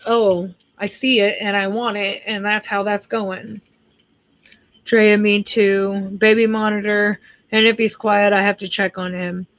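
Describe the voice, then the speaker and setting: A woman's voice: mid-range voice, no echo, muffled recording. Blunt chatty American woman. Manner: blunt, chatty, swears freely. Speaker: livestream host reading chat. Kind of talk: casual chat.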